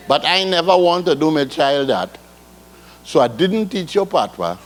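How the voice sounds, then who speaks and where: An older man with a thick Trinidadian accent performs stand-up on a ballroom stage. He tells rambling, folksy stories in island dialect, in a voice pitched a little high for a man. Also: animated, normal speed. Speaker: calypso comedian. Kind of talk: live stand-up storytelling. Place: ballroom stage before a live audience.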